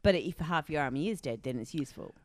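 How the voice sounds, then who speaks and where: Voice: medium pitch, lively intonation, quick pace, no room sound. A podcast co-host in casual tabletop wargaming chat who asks probing questions and teases the other host.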